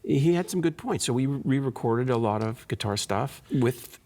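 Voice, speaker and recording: A man's voice: medium pitch, expressive, moderate pace, darkish tone. Thoughtful male guitarist in an interview. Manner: thoughtful, repeats and restarts words, laughs easily. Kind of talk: relaxed conversational interview.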